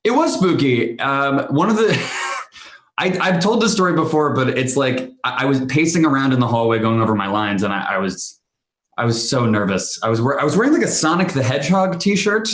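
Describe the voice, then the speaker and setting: A man's voice: mid-range voice, lively intonation, moderate pace, fairly bright tone, roomy sound. A man chatting casually on a panel, telling a story in a rambling, self-interrupting way with bursts of laughter. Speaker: panel guest, actor. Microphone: video call.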